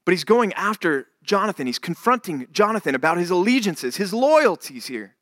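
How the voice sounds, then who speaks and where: A man's voice: high-pitched, very animated, moderate pace, fairly bright tone, no echo, clean studio sound. A man as pastor, preaching a sermon in a conversational, joking way, acting out the scripture characters' lines. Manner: conversational, jokey retelling of scripture with voiced asides.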